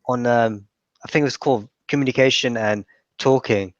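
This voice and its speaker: A man's voice: medium pitch, normal speed, no room sound. A man, hosting a casual chat in a rambling way with frequent restarts. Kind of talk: casual conversation. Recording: dull lo-fi dry audio.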